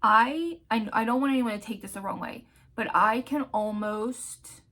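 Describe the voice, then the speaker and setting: A woman vlogger telling a personal story in a candid, heartfelt way, often pausing to search for words. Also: on the high side, bright, forceful tone. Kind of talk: casual storytelling vlog.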